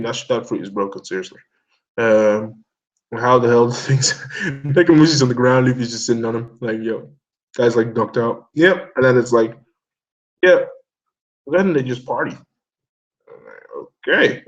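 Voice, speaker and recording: A young man in casual chat about comic chapters, excitable and swearing, laughing often as he quotes characters. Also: mid-range voice, muffled recording. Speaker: manga discussion host.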